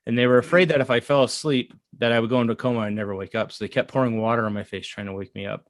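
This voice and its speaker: A man in his thirties telling a personal story in an earnest, halting way, with many fillers and restarts. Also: medium pitch, fairly even intonation, no room sound. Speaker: guest. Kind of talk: casual storytelling.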